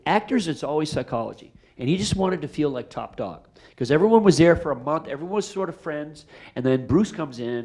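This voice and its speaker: A middle-aged man, a film director, telling stories at a live Q&A after a screening, acting out voices in his anecdotes. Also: medium pitch. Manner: animated, acts out voices in anecdotes. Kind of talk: storytelling at a live Q&A. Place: theater stage after a screening.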